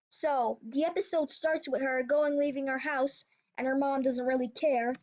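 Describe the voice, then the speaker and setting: Her voice is high and steady with a touch of mellowness, and she talks at a normal speed. She retells a creepypasta in a loose, rambling style, often stopping to correct herself, on dull lo-fi audio.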